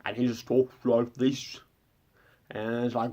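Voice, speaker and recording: A man's voice: medium pitch, level tone, unhurried, fairly bright tone, muffled recording. A man narrating as game master, recapping a tabletop session in a loose, rambling way with lots of filler words. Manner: rambling, heavy with fillers like "kind of".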